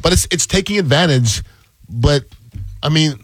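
A man's voice: on the high side, lively intonation, moderate pace, no room sound. A man chatting casually, with wry, blunt remarks. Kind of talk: casual chat.

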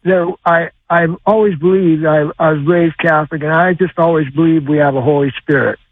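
A man's voice: a little high, fairly even intonation, no room sound. Older man on a tinny phone line. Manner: rambling, halting with many uhs. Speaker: caller. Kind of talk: call-in radio story.

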